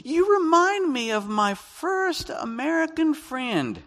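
A man voicing a blunt, gushing female teacher from China, speaking in a high, breathy way. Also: wildly swooping pitch, slow, bright, forceful tone, long reverb tail, exaggerated voice.

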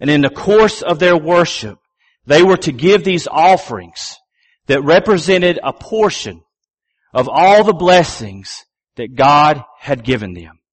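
A middle-aged man preaching a sermon, repeating key phrases and slowing down, low and deliberate, when he reads scripture. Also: big pitch swings. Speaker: pastor.

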